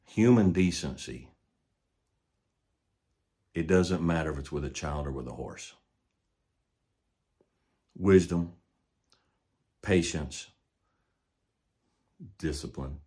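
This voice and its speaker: A man's voice: extremely low pitch, a little mellow. An older man who trains horses, hosting a casual monologue in a folksy, plainspoken way and repeating points for emphasis. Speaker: podcast host, rancher and horse trainer.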